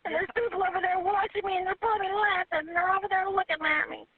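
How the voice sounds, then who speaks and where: A woman's voice: very high-pitched, fairly even intonation, fast, no room sound. A panicked woman calling an emergency line, crying and pleading, repeating herself and calling the operator ma'am. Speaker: 911 caller. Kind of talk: emergency phone call. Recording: tinny phone line recording.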